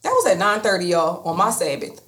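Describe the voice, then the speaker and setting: A woman, co-hosting a casual chat and telling an animated story in which she quotes herself. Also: on the low side, fairly quick, echoey room. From Baltimore. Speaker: podcast co-host.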